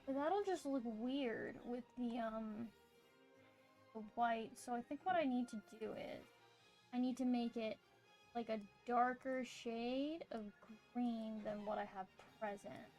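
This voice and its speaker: Southern gal streaming while she draws, high voice, thinks out loud, soft music behind. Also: a little slow. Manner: thinking aloud, chatty, explains to chat. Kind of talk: casual stream chat while drawing.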